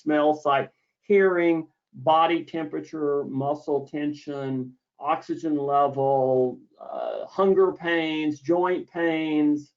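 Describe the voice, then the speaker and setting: A man giving an explanatory lecture on a treatment, deliberate and repeating key words for emphasis. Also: on the high side, a little mellow. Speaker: misophonia therapist explaining treatment. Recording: dull lo-fi audio.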